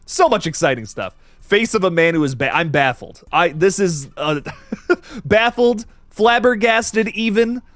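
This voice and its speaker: A man hosting a live horror stream, his pitch leaping up and down as he laughs and reacts. He sounds fairly high for a man and keeps excitedly reading out viewer comments. The room sounds dry and close. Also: moderate pace, dry recording. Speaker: livestream host.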